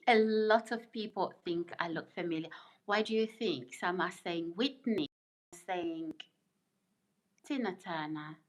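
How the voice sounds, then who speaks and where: A middle-aged woman hosts a casual live stream, her voice low and slow. She reads viewer comments in a chatty way, laughs often, and muses aloud.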